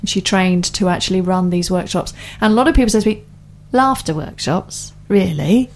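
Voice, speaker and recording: A woman's voice: lowish voice, quick pace, a little mellow. A woman hosting a radio chat show, talking enthusiastically in long, running sentences. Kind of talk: casual studio chat.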